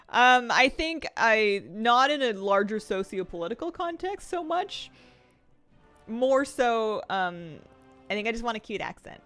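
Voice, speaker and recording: A woman's voice: medium pitch, sing-song, normal speed, a bit bright, faint music behind. Giggly young canadian girl chatting on stream, voice bounces up and down a lot. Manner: chatty and giggly, reading chat aloud. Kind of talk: casual chat with stream chat.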